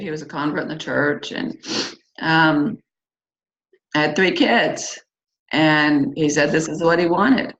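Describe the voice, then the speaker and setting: A fairly low, fairly bright voice belongs to a middle-aged woman running a church singles class. She addresses the group casually and frankly, with many fillers and asides, on a slightly dull lo-fi recording.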